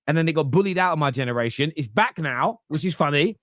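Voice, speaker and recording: Animated, higher-voiced English man. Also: fast, no echo, studio quality. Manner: animated, swears freely, acts out quotes. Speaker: podcast host. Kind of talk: casual football podcast chat.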